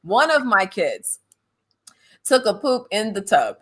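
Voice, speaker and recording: A woman hosting a podcast, telling funny parenting stories in a casual, animated way and acting out quotes. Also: medium pitch, slow pace. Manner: animated, laughing, acts out quotes. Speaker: podcast host and author. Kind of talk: casual chat, storytelling.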